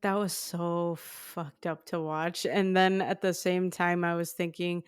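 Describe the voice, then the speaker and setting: A woman co-hosting a podcast who talks about a film in a relaxed way, often filling pauses with "you know". Her voice sits on the lower side and sounds very clear. It is dry and close, with no room around it. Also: dry recording. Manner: casual, many "you know" fillers. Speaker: podcast co-host. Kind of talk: casual film discussion.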